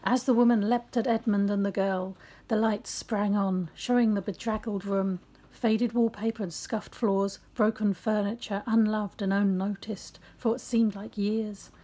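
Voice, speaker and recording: A woman's voice: medium pitch, fairly even intonation, a little slow, dark tone. A middle-aged woman reading aloud a story she wrote and breaking off for chatty asides, recorded in her home office.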